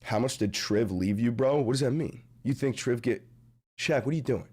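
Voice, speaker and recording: A young man live-streaming in casual, profane chat, his voice deepened after a sickness, rambling and swinging from mumbles to shouting. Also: normal speed, slightly rough. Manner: animated, rambling, swears a lot, swings from mumbling to yelling.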